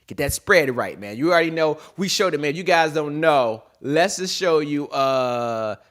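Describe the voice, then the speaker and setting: A man's voice: fairly high pitch, a little slow. A young man hosting his own comedy podcast, riffing loosely in slang and laughing at his own jokes. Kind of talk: casual comedic monologue.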